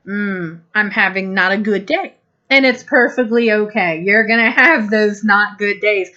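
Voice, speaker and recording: A woman giving a channeled spiritual talk, speaking slowly, gently and deliberately, and acting out small quoted exchanges. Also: a little high. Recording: dull lo-fi recording.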